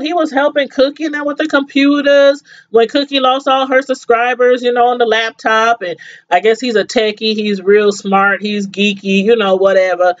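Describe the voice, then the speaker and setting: A high-pitched woman talks through a TV episode she watched. She is animated and laughs often, acting out what the characters said. The sound is a little dull and lo-fi. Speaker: TV show reviewer. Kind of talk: casual chat recapping a TV episode.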